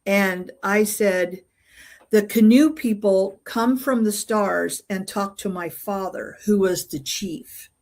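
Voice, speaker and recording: A woman's voice: medium pitch, slow, a little mellow. A middle-aged woman, a guest in an interview, telling a personal story in a casual, rambling way with many fillers and restarts.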